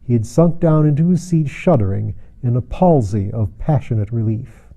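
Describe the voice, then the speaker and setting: Dark-voiced man reading a novel aloud. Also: mid-range voice, animated, gravelly, dull audio. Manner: measured reading, acting out dialogue. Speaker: audiobook narrator. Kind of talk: scripted narration.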